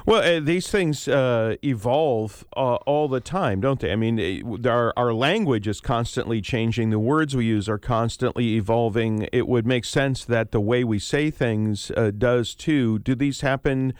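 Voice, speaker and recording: A male radio show host interviewing a guest in a studio, relaxed and conversational. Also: medium pitch, measured pace, hardly any pauses, smooth, no echo. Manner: relaxed, conversational, frequent uh fillers. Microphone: studio microphone, close and dry.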